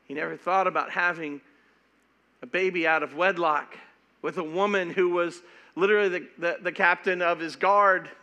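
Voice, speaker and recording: A middle-aged pastor preaching a sermon in an animated, emphatic way, often stumbling and repeating words as he goes. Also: high-pitched, normal speed, dull audio.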